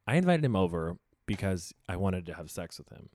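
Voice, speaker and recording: A man's voice: low voice, big pitch swings, brisk, darkish tone, a little hiss or hum. A young adult man telling a rambling, blunt, profane story in a casual confessional video diary, full of filler words. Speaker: video diarist.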